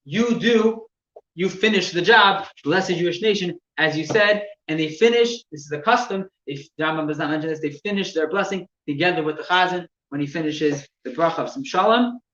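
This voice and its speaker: A man teaching religious laws to a class, explaining step by step with halting repeats and gestures. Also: on the high side, fairly bright tone. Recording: echoey room, distant mic, dull sound with faint noise.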